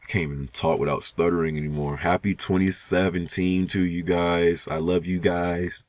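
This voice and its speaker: A man's voice: sits low, flat delivery, moderate pace, dry recording. A young man thanking viewers in a casual vlog, rambling with lots of fillers and restarts in a laid-back, slangy way. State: sleepy. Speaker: YouTuber.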